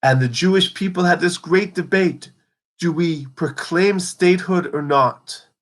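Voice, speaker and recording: A man's voice: a little high, unhurried. A man giving a spoken holiday teaching, telling the story earnestly and acting out the quotes.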